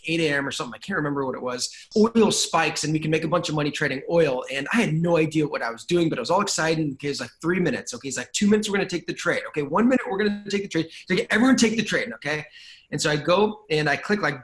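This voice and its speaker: A man being interviewed about his trading bot, telling a lively story in a casual chat and acting out his own reactions along the way. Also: fairly high pitch. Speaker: guest, trading bot founder.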